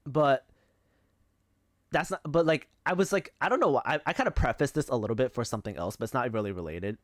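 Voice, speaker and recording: Rambling young man with a lively voice. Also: medium pitch, fast, no room sound, studio quality. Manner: rambling, filler-heavy storytelling with frequent swearing. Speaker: streamer. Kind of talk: casual chat on a live stream.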